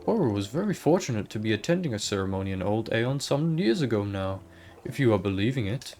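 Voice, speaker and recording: A woman's voice: rumbling low, sing-song, fast talker, dark tone, faint music behind, heavily acted. A woman voicing a polite, formal male tea-shop helper who speaks of himself in the third person. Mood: fond. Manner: formal, refers to himself by name.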